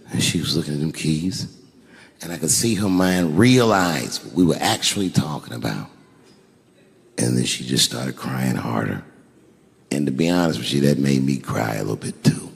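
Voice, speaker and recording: A middle-aged man doing a stand-up comedy set on stage, telling a story with sudden high yelps and low hushed asides. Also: animated, normal speed, vocal fry. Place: large theater stage. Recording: live hall with long reverb.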